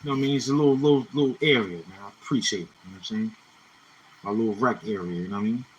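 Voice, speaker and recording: Speaking rapid-fire in a lowish voice, a livestream host from Brooklyn, New York City chats casually between freestyle rhymes, capping lines with "you know what I'm saying." The rough recording carries slight background noise.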